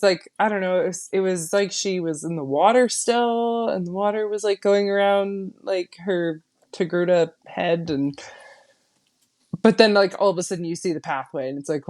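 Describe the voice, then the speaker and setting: A woman's voice: medium pitch, normal speed. Woman fan co-host, bubbly and giggly, says like a lot. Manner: animated, giggly, many "like" fillers. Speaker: podcast co-host. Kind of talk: casual chat.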